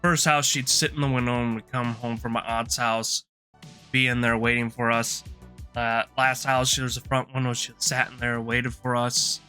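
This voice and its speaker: A man's voice: mid-range voice, level tone, normal speed, sharp tone, soft background music. A man streaming live, telling a long rambling story in casual chat, laughing often and restarting his sentences.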